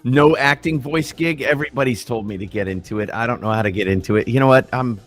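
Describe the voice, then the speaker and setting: A man chatting excitedly and rambling on a livestream, swearing freely, with faint music underneath. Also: medium pitch, fast. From US Midwest. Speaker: livestream co-host. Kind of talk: casual chat.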